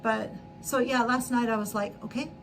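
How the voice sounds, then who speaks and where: A woman's voice: a little high, steady tone, moderate pace, gravelly, noisy background. A middle-aged woman hosting a sewing livestream, telling a long rambling story with frequent laughs and self-corrections. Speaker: livestream host. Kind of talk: casual chat while sewing.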